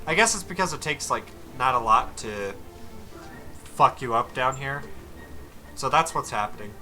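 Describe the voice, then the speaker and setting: Over soft background music, a young man gives casual, exasperated commentary on his strategy game footage, swearing freely as he walks through a match. His medium-pitched voice is expressive and sharp, and his pace is moderate.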